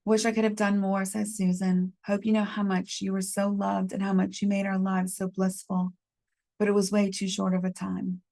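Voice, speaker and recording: A woman leading a support group through a gentle guided reflection, calmly reading out messages from the chat. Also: mid-range voice, gravelly. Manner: gentle, unhurried, reads chat messages aloud. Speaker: medium leading a healing workshop.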